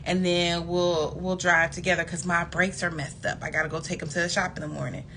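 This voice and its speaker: A woman putting on a smooth-talking young man, a date who keeps talking his way out of paying. The delivery is easygoing and a bit hushed, with a bright edge to the voice. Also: lowish voice, little pitch movement, brisk, slight background noise, voice pushed down.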